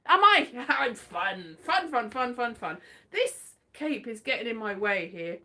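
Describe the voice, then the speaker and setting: A woman's voice: a little high, big pitch swings, measured pace, pushed and bright. A woman hosting a casual livestream, chatting in a playful, rambling way with sing-song bursts. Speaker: livestream host.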